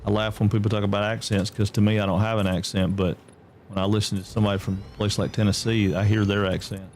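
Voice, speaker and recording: A man with a low, gravelly voice talks half to himself as he plays and builds. He mutters plans and second thoughts in a casual, unhurried way, with a faint hiss behind him. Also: flat delivery, darkish tone. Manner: muttering, thinking aloud while building. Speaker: streamer. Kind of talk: casual gameplay commentary.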